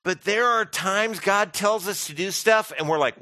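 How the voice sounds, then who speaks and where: A man preaching a sermon as pastor, animated and humorous, acting out quoted voices. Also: high-pitched, measured pace, few pauses, no room sound.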